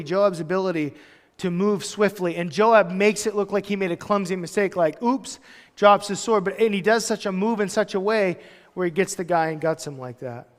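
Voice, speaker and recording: Man in his thirties, pastor, chatty storytelling sermon, fairly high voice, long hall echo. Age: 30s. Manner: casual, storytelling, loose with "like" asides. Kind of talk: conversational verse-by-verse sermon. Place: church hall.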